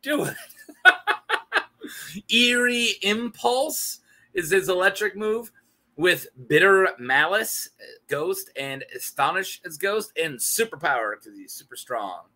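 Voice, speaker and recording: Bright, jokey young man chatting. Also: sits high, expressive, a little slow. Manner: jokey, talks to himself, laughs often. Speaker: YouTube host. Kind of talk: casual chat.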